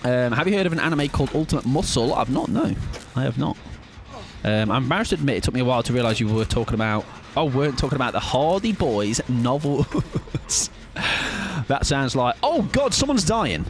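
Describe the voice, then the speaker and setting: A man's voice: mid-range voice, animated, brisk, slight background noise. A British man streaming a game live, rambling and joking with his viewers in casual chat. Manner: rambling, jokey, chats with viewers.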